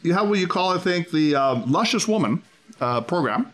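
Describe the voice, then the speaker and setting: A man's voice: high-pitched, lively intonation, normal speed, a bit bright. A man hosting an interview, inquisitively summarizing his guest's work with frequent hesitations. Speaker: interview host. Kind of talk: conversational interview.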